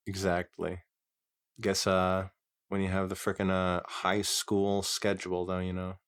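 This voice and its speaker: A man's voice: sits low, completely flat delivery, slow, pauses often, a bit bright, clean tone, no echo, studio quality. A man co-hosting a podcast, reading fanfiction aloud with wry banter and easy laughter. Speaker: podcast co-host and narrator.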